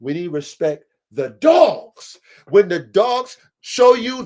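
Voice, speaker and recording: A man's voice: high voice, sing-song, slow pace, a little mellow. A man hosting a livestream podcast, talking with preachy, emphatic conviction and lots of swearing. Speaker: podcast host and dog breeder. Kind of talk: impassioned livestream podcast talk.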